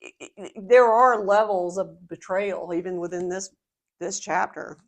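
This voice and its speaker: A woman's voice: mid-range voice, a little slow. A woman co-hosting a casual group Bible study, chatty and often laughing, with frequent restarts.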